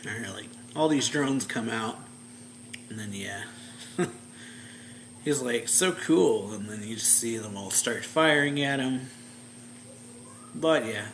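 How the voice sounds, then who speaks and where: Young male reaction host, bright ringing voice, rambling laid-back recap. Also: mid-range voice, slight background noise. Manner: rambling, filler-heavy, chuckling to himself. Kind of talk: casual manga chapter recap.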